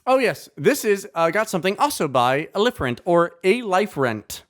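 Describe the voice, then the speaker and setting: A man's voice: high voice, big pitch swings, normal speed, a bit bright. A young man co-hosting a podcast, chatting casually with jokey, playful banter. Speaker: podcast co-host.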